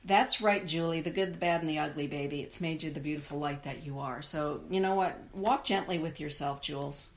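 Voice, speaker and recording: Lowish-voiced woman giving affirming card readings. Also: fairly quick, hardly any pauses. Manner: affirming, greets viewers by name, laughs often. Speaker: spiritual show host giving card readings. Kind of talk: live-stream card reading chat.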